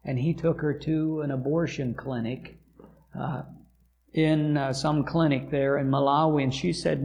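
A middle-aged missionary pastor giving a sermon testimony, telling an earnest story in a halting way and correcting himself mid-sentence. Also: male voice, a little high, steady tone, a little mellow, highs cut off. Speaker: missionary pastor to a deaf church.

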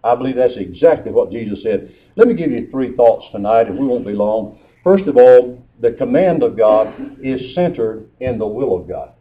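Male preacher, mid pitch, folksy sermon delivery, narrow tinny phone-like audio. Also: animated, normal speed, slight background noise. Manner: folksy storytelling with scripture quotes.

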